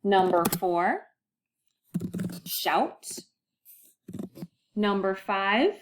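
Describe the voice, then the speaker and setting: Slow, lively-voiced woman teaching phonics. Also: medium pitch, noisy background. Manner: slow, deliberate, with drawn-out model words; encouraging, sing-song classroom delivery. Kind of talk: recorded phonics lesson.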